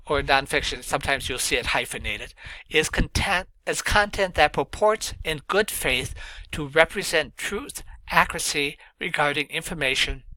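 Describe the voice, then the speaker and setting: A man lecturing on literature, explaining in a measured way with frequent filler sounds. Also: on the high side, expressive, sharp tone, dry recording, poor audio. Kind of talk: recorded lecture.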